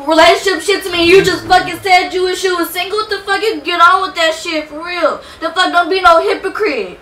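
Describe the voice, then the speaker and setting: A young woman in a heated argument with her boyfriend, yelling and swearing, close to tears. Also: very high voice, a little fast. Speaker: girlfriend. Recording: echoey room from far off.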